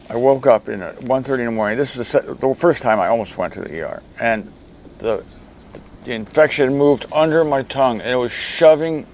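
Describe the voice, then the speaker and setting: A man's voice: mid-range voice, slight background noise, poor audio. A man hosting his own video show, telling a story in a rambling, chatty way with frequent restarts. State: speech thickened by a swollen tongue. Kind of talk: casual video monologue.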